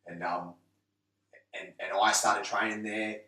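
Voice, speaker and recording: A man's voice: lowish voice, steady tone, measured pace, sharp tone. A man with an English accent chatting on a podcast as a guest, talking emphatically with lots of restarts and the odd swear. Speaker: guest, MMA gym owner and coach. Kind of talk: casual podcast chat. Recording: roomy, echoey room, mic at a distance.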